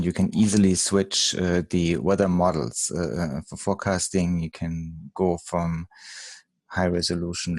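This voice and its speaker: Deep-voiced German man, halting. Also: darkish tone, dry recording, studio quality. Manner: halting, many ums and uhs. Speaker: meeting participant. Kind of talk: casual meeting talk.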